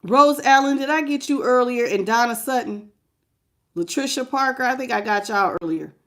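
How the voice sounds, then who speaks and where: A woman giving a live-streamed tarot reading and greeting her viewers, emphatic and preachy, swinging between low murmurs and loud outbursts. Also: normal speed. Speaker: tarot reader.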